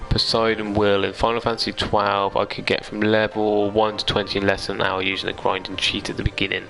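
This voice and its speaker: A man's voice: fairly low pitch, monotone, a little fast, vocal fry, a bit bright, poor audio. A young man streaming a game live, chatting casually, reading viewer comments aloud and laughing easily. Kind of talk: casual live-stream chat over gameplay. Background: game music.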